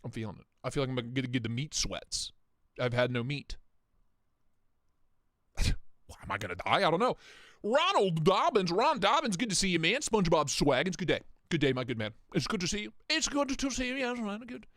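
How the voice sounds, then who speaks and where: A man's voice: a little high, animated, brisk, a bit bright, dry recording, studio quality. A man hosting a casual livestream, joking and rambling as he greets viewers by name. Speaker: livestream host.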